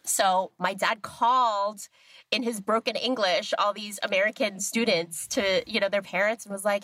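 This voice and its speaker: A woman in her thirties telling family stories in a lively, casual way, acting out the voices of the people she quotes. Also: mid-range voice, moderate pace, dry recording. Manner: animated, acts out quoted voices, laughs often. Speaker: guest. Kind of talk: casual storytelling.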